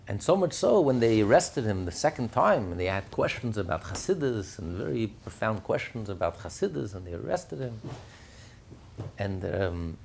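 Teaching a Torah class, a rabbi brings his stories to life by acting out quotes and asking rhetorical questions. He speaks at a normal pace in a fairly low voice with vocal fry, and there's a little hiss or hum in the recording.

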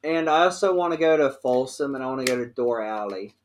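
A man's voice: medium pitch, expressive, fast talker, slight background noise. Blunt, cussing male podcast guest. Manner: blunt, swearing storyteller. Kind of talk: casual podcast chat.

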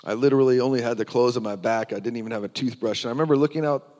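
Man, preacher, personal testimony, earnest storyteller, mid pitch, long hall reverb. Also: rapid-fire, a little mellow. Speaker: preacher sharing his testimony.

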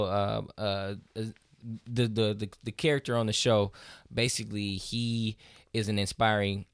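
Laid-back low-voiced male podcast host. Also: clean tone, no room sound, clean studio sound. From United States. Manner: conversational, animated when retelling stories, frequent fillers. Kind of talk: casual discussion.

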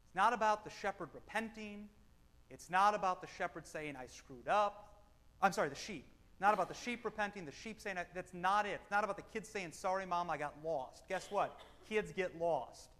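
A man preaching a sermon and reading a passage aloud, with emphatic stresses that drop into quiet, blunt asides. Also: high-pitched, brisk, big-room sound. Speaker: pastor.

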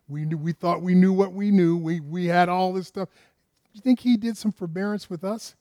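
A man's voice: fairly high pitch, a little mellow, no echo, studio quality. A man preaching a conversational sermon, firing rhetorical questions at his listeners and often repeating words and restarting phrases.

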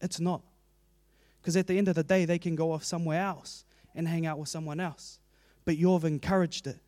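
A man delivers an earnest, conversational sermon, speaking in a fairly high register. His delivery is plain and personal, with asides from his own life. The sound is dry and close, with no room echo. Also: fairly even intonation, normal speed, a little mellow. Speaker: preacher.

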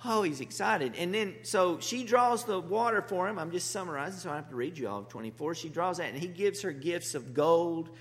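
Pastor preaching in a reverberant hall. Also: male voice, on the high side, expressive, brisk, few pauses. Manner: humorous storytelling, conversational. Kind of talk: sermon.

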